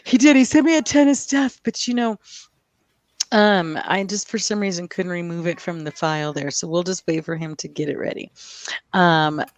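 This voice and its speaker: A woman's voice: on the low side, moderate pace, no echo. A woman hosting a casual livestream, chatty and giggly, often losing her place as she reads the chat. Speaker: host.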